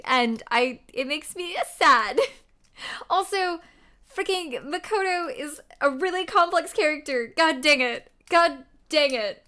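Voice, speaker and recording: A young woman streams a game in a high voice at a measured pace, chatting casually and rambling with fillers and self-corrections. She often bursts into loud, excited outcries.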